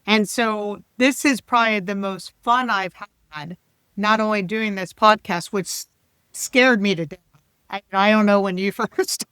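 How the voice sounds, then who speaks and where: Woman, 50s, coach guest. Bright, smooth voice, chatty and animated, dry sound. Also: mid-range voice, a little slow, no echo. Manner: chatty and animated, with laughs and restarts. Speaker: leadership coach, podcast guest. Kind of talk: casual podcast interview.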